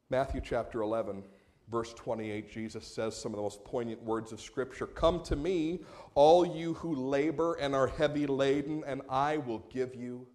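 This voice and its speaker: A man delivering a sermon from the pulpit at a middle, ordinary pitch. His delivery drops to hushed, slowed lines, then climbs into loud, emphatic appeals to the congregation. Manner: swings from hushed, slow passages to raised, emphatic appeals. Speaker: pastor.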